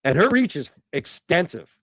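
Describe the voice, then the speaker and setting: Lively man giving ominous warnings. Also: on the high side, normal speed, breathy edge, no echo. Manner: ominous, warning, matter-of-fact. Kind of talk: casual video commentary.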